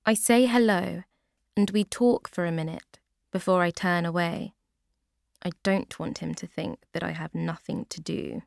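A woman reading a first-person story aloud in a clear, deliberate way. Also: on the low side, fairly even intonation, dry recording, clean studio sound. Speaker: narrator.

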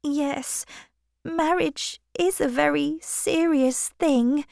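A woman voicing an anxious, timid young woman who pleads in a high, breathless voice. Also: steady tone, extremely slow, creaky, darkish tone, no room sound, studio quality, exaggerated voice. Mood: earnest.

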